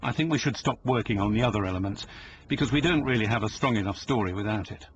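A man's voice: lowish voice, quick pace, a little hiss or hum, close to an everyday voice. A man reading a curt news editor's emails. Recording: slightly dull documentary audio.

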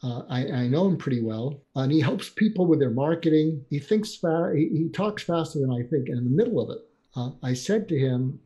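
An older man, a psychiatrist guest in a conversational interview, telling animated stories and acting out quoted dialogue. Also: fairly high pitch, a little fast.

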